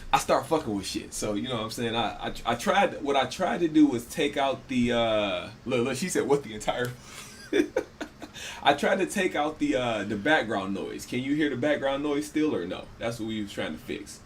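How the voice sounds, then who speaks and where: A man's voice: medium pitch, expressive, moderate pace. A man in loose, profane banter, joking around and laughing readily as he talks slang. He shares a single microphone in a friend's room at home, with a light hiss of noise behind him. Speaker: podcast co-host. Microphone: one microphone shared by two.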